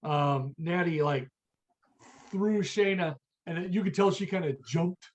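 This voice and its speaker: Easygoing man with a higher voice. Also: measured pace, highs cut off. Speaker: podcast co-host. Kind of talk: casual chat.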